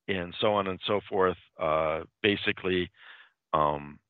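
A man with a lowish voice talks through a comic book storyline in a casual, rambling recap, linking one event to the next. The sound is thin and tinny like a phone line, with no room echo at all. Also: unhurried, smooth. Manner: rambling, loosely strung retelling. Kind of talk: casual spoken plot recap.

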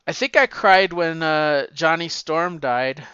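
A man's voice: fairly high pitch, takes it slowly, sharp tone, clear, resonant tone, no room sound, muffled recording. A man talking casually and at length about comic books, rambling with stammered restarts and swearing freely. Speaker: comic book fan talking to a friend. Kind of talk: casual chat.

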